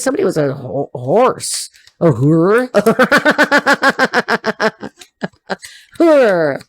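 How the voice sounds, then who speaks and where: A woman's voice: medium pitch, a little mellow. A woman giving an intuitive tarot reading to her audience, free-associating and repeating herself in a blunt, emphatic way. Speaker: tarot reader.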